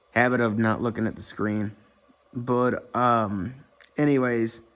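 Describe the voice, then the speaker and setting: A man talking casually to his camera at home, rambling with lots of fillers and restarts and plenty of swearing. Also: mid-range voice. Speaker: vlogger. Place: indoor room at home. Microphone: webcam or computer mic.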